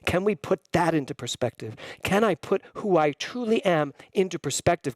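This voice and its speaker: A man giving a sermon as minister, preaching emphatically, jumping up in pitch and slowing down to stress key phrases. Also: lively intonation, no echo.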